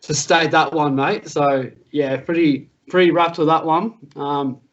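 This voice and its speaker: A man's voice: on the high side, steady tone, measured pace, lo-fi sound. An Australian man co-hosting a casual sports podcast, chatty and matey. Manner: chatty, says mate often. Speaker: podcast co-host.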